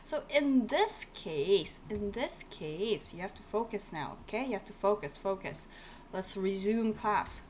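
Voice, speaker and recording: Her mid-range voice is animated and somewhat dark, keeping a measured pace. She teaches Korean on a live stream, repeating each word in drills and chatting animatedly with viewers, while a faint hiss runs beneath.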